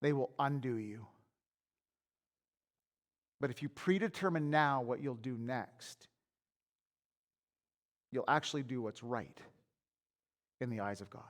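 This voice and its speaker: Speaking slowly in a mid-range voice with frequent pauses, a pastor gives a conversational sermon full of candid personal stories. As he grows worked up building a point, he repeats words and starts them over.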